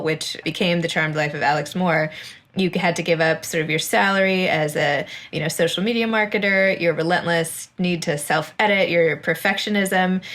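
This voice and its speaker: A woman's voice: fairly low pitch, a bit bright. Effusive American woman podcast host. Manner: effusive and enthusiastic, laughs often. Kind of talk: casual interview chat.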